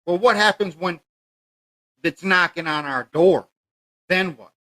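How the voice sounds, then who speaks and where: Man, podcast host, solo rant, preachy, indignant, rhetorical questions, slow delivery, raised pitch. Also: bright, forceful tone. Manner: preachy and emphatic, keeps addressing listeners as folks.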